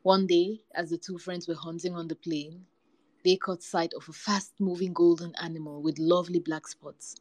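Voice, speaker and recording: A woman reading folktales aloud with a lively, varied storytelling delivery. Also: fairly low pitch, moderate pace, no room sound, poor audio.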